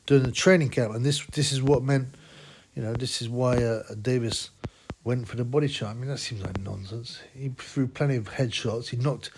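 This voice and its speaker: A man's voice: medium pitch, vocal fry, slight background noise. A man in casual, crude, mocking boxing commentary, rambling with many restarts.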